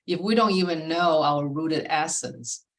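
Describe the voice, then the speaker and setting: Woman host, really low voice, halting and soft-spoken, lots of mm-hmms. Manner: soft, halting phrasing with frequent affirmations. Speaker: podcast host. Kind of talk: casual chat.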